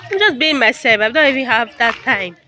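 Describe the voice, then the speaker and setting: Bright-voiced young woman vlogging from Cameroon. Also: fairly high pitch, animated, a little fast, some chatter behind, slight background noise. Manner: chatty, addresses viewers as sisters. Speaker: vlogger and new mother. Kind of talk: casual chat to camera. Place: outdoors on a street.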